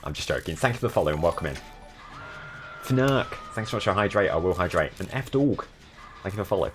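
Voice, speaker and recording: Over soft background music, a young man from the south of England with a southern English accent commentates on his live gameplay, chatting and thanking viewers as they follow. His low voice is expressive and he talks fast.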